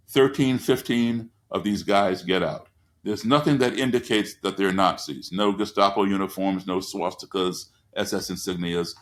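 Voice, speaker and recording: A man in his sixties, a guest telling a story in conversation, lively and acting out the people he quotes. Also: on the low side. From United States. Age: 60s.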